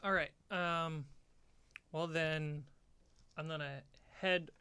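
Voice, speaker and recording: A man playing a tabletop game, playful and quick to laugh. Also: fairly high pitch, steady tone, bright, forceful tone, clean tone. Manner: playful, giggly. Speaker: player.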